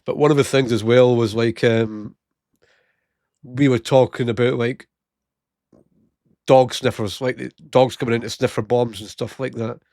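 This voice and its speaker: A man's voice: mid-range voice, fairly even intonation, normal speed, pauses often, a little mellow, no room sound. Guy vlogging work stories, bit breathless, keeps laughing, dry close mic sound. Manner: chatty, laughs at his own stories. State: slightly short of breath from a chest infection. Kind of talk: casual storytelling. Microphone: new gated microphone close up.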